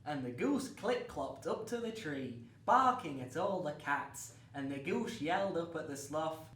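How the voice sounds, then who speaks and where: A man's voice: a little high, animated, unhurried, a bit bright. A man hosting a comic children's story show, narrating in a cheery, exaggerated storybook way. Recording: roomy, distant mic with faint noise.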